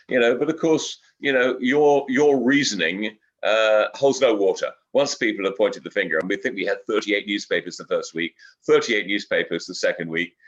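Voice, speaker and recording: A man's voice: fairly low pitch, fairly bright tone. Older man chatting, slightly muffled. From England. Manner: rambling, with frequent fillers and repeated words. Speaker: guest broadcaster. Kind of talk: casual interview chat. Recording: slightly dull lo-fi audio.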